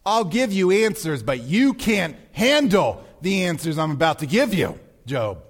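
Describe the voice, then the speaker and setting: A man voicing God as a commanding male deity, speaking slowly and sternly. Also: on the high side, sing-song.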